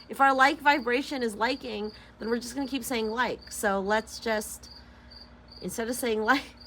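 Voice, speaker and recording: A woman's voice: on the high side, a bit bright, a little hiss or hum. A woman from Sacramento with a Californian accent, chatting casually as a tarot reader, rambling, giggling often and saying "like" constantly. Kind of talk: casual tarot-reading vlog chat.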